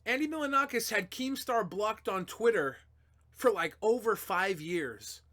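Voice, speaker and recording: A man's voice: high voice, lively intonation, a little slow, pushed and bright. A man chatting loosely on a live stream, swearing and swapping gossip in an offhand, storytelling way. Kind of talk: casual live-stream chat.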